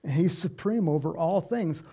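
A middle-aged man preaching an informal sermon, animated and chatty, acting out voices and chuckling as he speaks to the congregation. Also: a little high, moderate pace, creaky. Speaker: pastor.

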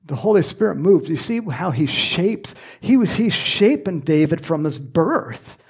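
Gravelly-voiced man preaching a sermon. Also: a little high, expressive, a little slow. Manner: conversational, acts out quoted lines, drops to whispers. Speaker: pastor.

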